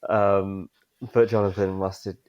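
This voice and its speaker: A man co-hosting a sports podcast, excitably walking through a blunder, his voice jumping up as he describes it. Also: low-pitched, unhurried, muffled recording. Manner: excitable, voice jumps up while describing. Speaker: podcast co-host. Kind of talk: animated clip breakdown.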